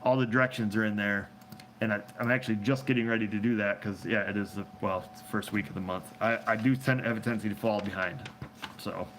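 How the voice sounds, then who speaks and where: Male host, low voice, loose and joking, takes viewer questions on a phone stream with faint noise behind. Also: steady tone, quick pace, fairly bright tone. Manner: rambling, joking, laughs often. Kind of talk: casual live chat.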